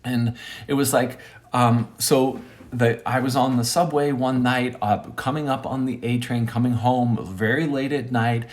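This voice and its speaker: A man telling a comic story as a monologue host, rambling and interrupting himself, with lively jumps in pitch. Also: unhurried.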